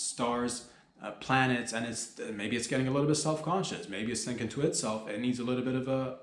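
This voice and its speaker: A man rambles through a comedy podcast monologue, slipping between loose slang-heavy riffs and loud mock-alarmed shouting. His voice sits at an ordinary middle pitch, and the room around him rings with a noticeable echo. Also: moderate pace. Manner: animated, mock-alarmed outbursts, profane slang.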